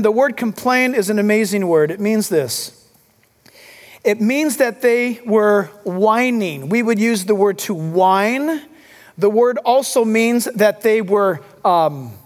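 High-voiced preacher man in a reverberant hall. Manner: animated preaching, acting out the voices of biblical figures. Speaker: pastor. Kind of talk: sermon.

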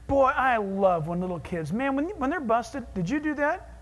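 Animated, jokey preacher man. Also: very high voice, moderate pace, long reverb tail. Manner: animated, jokey, swings from hushed asides to loud exclamations. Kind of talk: sermon.

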